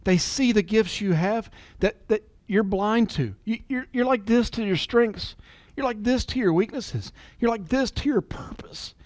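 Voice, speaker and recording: A man in his forties giving an earnest, emotional motivational talk, at times dropping to a soft near-whisper. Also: sits high, measured pace, dry recording. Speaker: business leader and motivational speaker.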